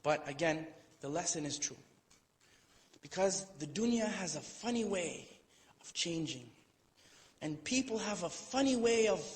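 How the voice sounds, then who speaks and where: A man lectures a live audience in a hall, with a voice sitting a little high for a man. He tells the story in a relaxed way and stops for playful asides. His words trail off into a long reverberant tail. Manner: conversational, playful asides, acts out quotes. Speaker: Islamic lecturer. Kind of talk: storytelling sermon.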